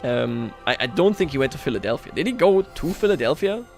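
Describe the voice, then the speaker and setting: A man's voice: medium pitch, very animated, fairly quick, creaky, a little mellow, faint music behind. A man livestreaming a strategy game, talking casually to his chat, self-mocking and chuckling often. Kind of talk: casual gameplay commentary.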